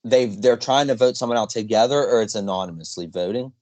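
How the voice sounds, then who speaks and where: Low-voiced laid-back young man. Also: a little fast, darkish tone, no echo. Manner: laid-back, inquisitive, slangy. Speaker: podcast co-host. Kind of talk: casual chat.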